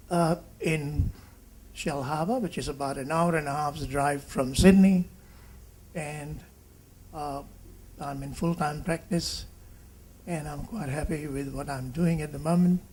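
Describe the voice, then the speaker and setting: A man in his seventies from Fiji, a doctor giving a halting reunion speech that turns into an animated patient story. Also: on the high side, breathy edge, low-quality recording. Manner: halting, with restarts and animated quotes.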